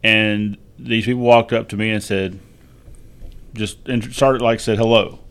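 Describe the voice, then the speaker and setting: Texan guy, lowish voice, easygoing chat, chuckles through his stories. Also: steady tone, unhurried, a bit bright, clear, resonant tone. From Texas. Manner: laid-back storyteller, chuckles through anecdotes. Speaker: podcast co-host. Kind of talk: casual family chat.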